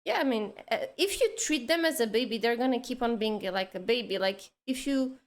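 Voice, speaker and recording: This woman's voice sits on the high side and moves a little fast as she chats casually during a drawing stream. Her storytelling is animated, and she acts out the voices of the kids she teaches.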